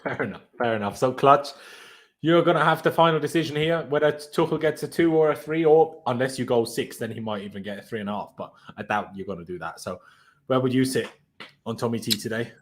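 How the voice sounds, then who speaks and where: Man, host, quick talker, casual panel chat, video call mic. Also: medium pitch. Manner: fast, chatty, hands the floor to others. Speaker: host of a fan reaction panel.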